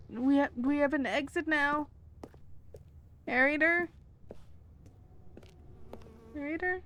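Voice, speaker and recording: A woman's voice: high voice, a bit bright, a little hiss or hum. A woman streaming a video game, talking to it in anxious, chatty commentary. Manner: anxious, calling out to a game character.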